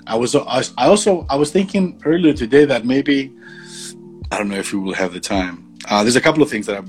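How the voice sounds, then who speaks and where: A man co-hosting a casual podcast, joking and rambling with lots of fillers and swearing. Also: on the low side. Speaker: podcast co-host. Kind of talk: casual chat.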